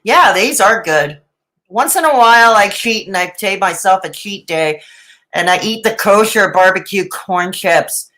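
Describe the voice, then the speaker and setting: A woman's voice: medium pitch, lively intonation, measured pace, sharp tone, poor audio. A middle-aged woman doing live reaction commentary, sarcastic and mocking, with dramatic asides and laughs. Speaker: reaction streamer.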